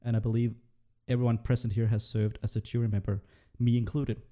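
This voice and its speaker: Man, host, casual panel chat, mellow, filler-heavy, voice changer. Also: medium pitch, little pitch movement, a little fast. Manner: chatty, frequent fillers and laughs. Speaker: podcast host. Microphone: voice run through a voice changer.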